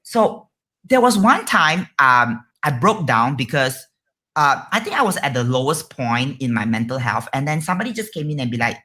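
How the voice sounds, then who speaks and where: Woman, Malaysian English accent, low voice, very lively pitch, bubbly, outspoken, swears a lot. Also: a little fast. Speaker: guest streamer. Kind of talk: candid podcast chat.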